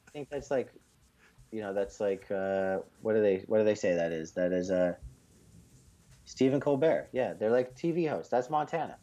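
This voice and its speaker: A man's voice: on the low side, lively intonation, normal speed, mellow. A man co-hosting a casual chat, ranting in a sarcastic, profane way. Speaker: podcast co-host.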